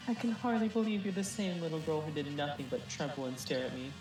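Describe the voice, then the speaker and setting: A woman voicing a crude, lecherous villain king in a live fan voice-over, mocking and theatrical, recorded from a distant mic over loud game music. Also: deep voice, steady tone, normal speed, close to an everyday voice.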